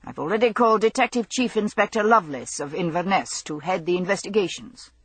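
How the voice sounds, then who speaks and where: A woman's voice: lowish voice, lively intonation, fairly quick, breathy edge, no echo. A woman voicing a stern, curt senior police superintendent, a man.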